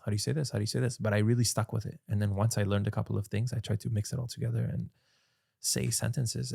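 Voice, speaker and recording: A man with a low, gravelly voice talks easily as a podcast guest. He tells stories in a relaxed, chatty way and swears now and then. His voice sounds close and dry. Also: no room sound. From Canada. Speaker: actor guest. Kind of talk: casual podcast interview.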